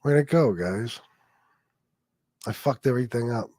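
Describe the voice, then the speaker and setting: A man holds forth on a casual livestream, swearing freely and telling stories in a blunt, streetwise way. His voice sits at an ordinary middle pitch. The sound is dry and close, with no room echo. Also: expressive, measured pace, mellow. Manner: blunt, profane, storytelling. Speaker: livestream host reading chat.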